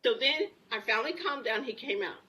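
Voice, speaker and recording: A woman in her sixties, a talk show guest, telling a personal story in a lively, candid way. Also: fairly high pitch, a little fast, low-quality recording.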